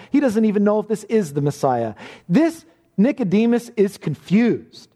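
A man's voice: fairly high pitch, mellow. A man preaching a sermon with emphatic, repeated phrasing. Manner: emphatic, repeats words when stressing points. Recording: long hall reverb.

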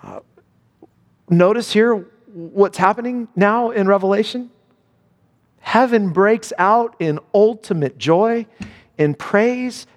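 A man preaching a sermon with impassioned delivery, dropping low and quiet then rising to high exclamations. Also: big-room sound. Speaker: pastor.

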